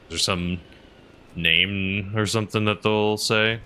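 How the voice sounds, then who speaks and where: A man's voice: lowish voice, fairly even intonation, measured pace, pushed and bright, clean tone. A man chatting casually on a gaming livestream, rambling with lots of fillers and reading chat messages aloud. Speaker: game streamer and helicopter pilot.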